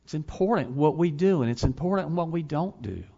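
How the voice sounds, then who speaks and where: A man's voice: a little high, animated, a little fast, creaky, dark tone. A man preaching a sermon, asking the congregation rhetorical questions and building to emphatic points. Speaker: pastor and college teacher. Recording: slightly dull lo-fi sound.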